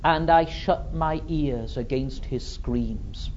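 God the Father speaks, as a man preaching puts him on, an ancient and solemn male deity. He talks slowly in repeating cadences, sinking to a hush and rising loud. The recording is dull and lo-fi. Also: medium pitch, slight background noise, lightly acted. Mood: grave. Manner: solemn, repetitive cadences, swings from hushed to loud.

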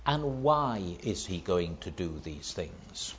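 A man preaching a sermon, building to loud emphatic stresses on key words. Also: deep voice, big pitch swings, slow, muffled recording, a little hiss or hum.

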